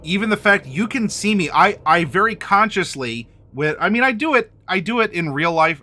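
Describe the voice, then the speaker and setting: A man hosting a game master workshop, talking to camera and addressing the viewer directly in an animated way. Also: high-pitched, moderate pace, hardly any pauses. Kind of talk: instructional talk to camera.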